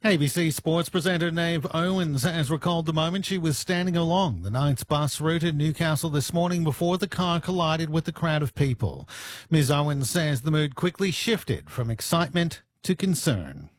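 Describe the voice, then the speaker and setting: A man reading the news in a steady, measured way. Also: on the high side. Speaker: newsreader.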